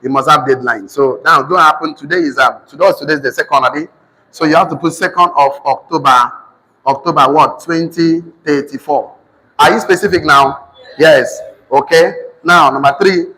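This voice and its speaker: A man with a Nigerian accent teaching a finance class, repeating each phrase slowly so students can write it down. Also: on the high side, bright, forceful tone, slightly rough, big-room sound, low-quality recording. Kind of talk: classroom lecture with dictation.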